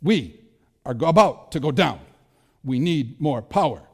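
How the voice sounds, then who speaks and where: A man imitating an overacting male starship captain who calls the engine room for more power, in a halting, overdramatic way. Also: on the high side, animated, darkish tone, slightly rough, long reverb tail, exaggerated voice. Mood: dramatic.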